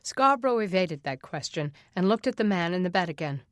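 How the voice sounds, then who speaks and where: A woman narrating an audiobook in a steady, even reading voice on a close mic. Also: lowish voice, brisk, no echo. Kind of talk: scripted narration.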